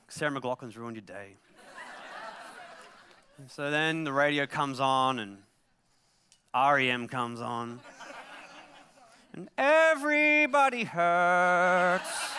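A man preaching a sermon to a live congregation, moving from jokes to loud exhortation. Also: on the high side, slight background noise. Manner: joking, then rising to a loud exhortation. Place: live service before a gathered congregation.

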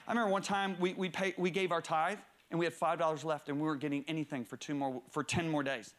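A middle-aged male preacher telling stories in a sermon, swinging between low murmurs and raised, excited bursts. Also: quick pace. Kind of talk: storytelling sermon.

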